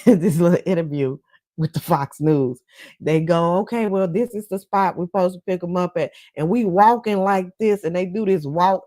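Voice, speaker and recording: A woman's voice: fairly low pitch, mellow, no room sound. A woman hosting a livestream talk show, chatting casually and gossipily with her viewers and laughing between points. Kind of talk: casual commentary chat.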